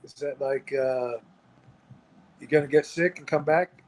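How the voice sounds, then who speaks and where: A man's voice: a little high, fairly even intonation, measured pace, poor audio. Good-humored middle-aged man guessing. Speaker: interview guest, former wrestler. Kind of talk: casual interview.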